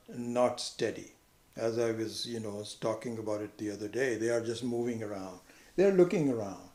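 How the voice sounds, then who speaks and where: A man giving a conversational lecture on scripture, who now and then jumps into a much higher voice when acting out what other people say. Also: a little mellow, reverberant. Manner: conversational, acts out quoted people with sudden high pitch. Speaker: spiritual teacher.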